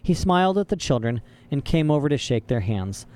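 A man reading an audiobook aloud as narrator, in steady, even storytelling. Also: fairly high pitch, a little fast. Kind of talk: scripted narration.

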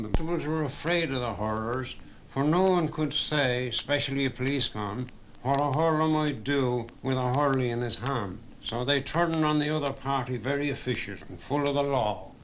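A man narrating a story in a steady, measured way. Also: mid-range voice, a little hiss or hum, rough recording. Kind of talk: audiobook narration.

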